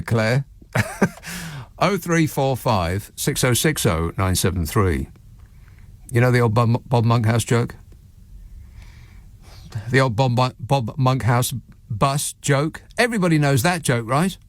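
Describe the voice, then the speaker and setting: A man's voice: mid-range voice, animated, a little slow, no echo. A man hosting a talk radio phone-in, sardonic and mocking, chuckling at his own jokes. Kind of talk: late-night talk radio monologue.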